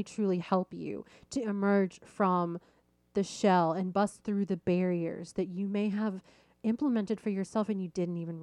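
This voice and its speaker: A woman coach and podcast host telling a story in a casual, animated way and laughing at herself as she goes. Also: medium pitch, no room sound.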